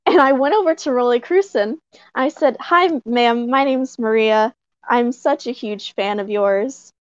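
This woman, a puppeteer, has a rather high voice and recounts a laid-back story with excitement, frequent laughter, and plenty of filler words. Her audio is smooth, dry, and somewhat dull, with no room sound at all.

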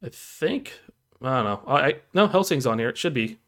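A man at a middle pitch talks in a casual podcast chat, hesitant and full of small self-corrections. He pauses often with ums as he works out what he wants to say. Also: animated, a bit bright. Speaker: podcast co-host.

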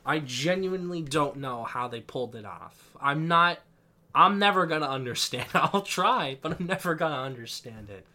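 Bright-voiced excitable young man. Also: fairly high pitch, moderate pace. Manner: excitable, rambling, laughs often. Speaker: podcast co-host. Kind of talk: casual chat.

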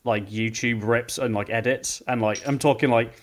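A man's voice: mid-range voice, steady tone, moderate pace, slight background noise. A man hosting a podcast in casual chat, rambling with many fillers and swearing freely. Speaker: podcast host.

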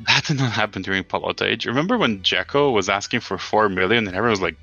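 A man's voice: fairly low pitch, lively intonation, fast, hardly any pauses, pushed and bright, lo-fi sound, faint music behind. A man co-hosting a casual football podcast, ranting in an exasperated way and swearing often. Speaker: podcast co-host.

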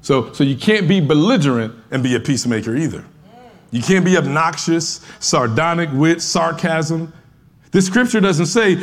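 A man preaching a sermon as a pastor, talking conversationally and acting out the voices of churchgoers, rising at times to emphatic shouts. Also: fairly high pitch, animated, brisk.

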